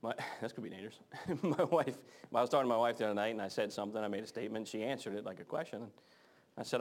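A man's voice: lowish voice, a little mellow. A man preaching a sermon, joking with the congregation about marriage, then reading and praying. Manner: joking, conversational, slows to read scripture. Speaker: pastor. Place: church in front of a congregation.

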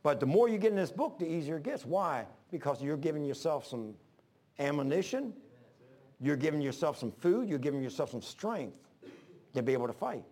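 A man preacher telling a sermon story, emphatic and swinging between loud and hushed. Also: on the high side, lively intonation, fairly quick.

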